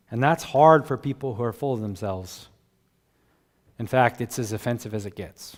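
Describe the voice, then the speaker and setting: A man preaching a sermon as pastor, animated and conversational, chuckling between points and acting out quoted voices. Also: mid-range voice, moderate pace. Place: church sanctuary. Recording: long church hall reverb.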